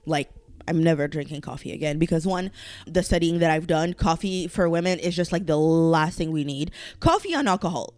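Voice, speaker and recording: A woman with a fairly low voice talks casually on her solo podcast, wandering from thought to thought. She swears freely and often trails off and restarts her sentences. Faint music plays softly behind her. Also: brisk, no echo. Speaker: podcast host.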